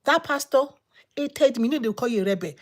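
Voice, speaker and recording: Animated woman preaching a testimony. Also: a little high. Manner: animated, repetitive storytelling with dramatic pauses. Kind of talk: personal testimony sermon.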